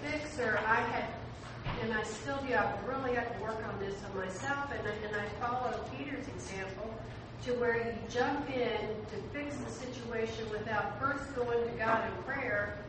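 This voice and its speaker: A woman's voice: a little high, moderate pace. Woman talking in a bible study, reflective, far off from the mic, really echoey noisy room. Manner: reflective, personal. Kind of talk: casual sharing in a group.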